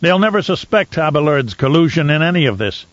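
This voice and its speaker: A man reading an audiobook, voicing a furious, vain, blustering Baron who shouts his orders. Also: on the high side, big pitch swings, a little fast, no room sound, highs cut off, voice pushed up. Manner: loud, blustering, spiteful. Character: raging, vain, cruel male Baron.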